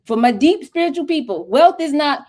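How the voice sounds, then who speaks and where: A woman's voice: high voice, expressive, moderate pace, a little mellow. A woman speaking as a guest mentor on a livestream interview, talking in an emphatic, preachy, colloquial way over a video call.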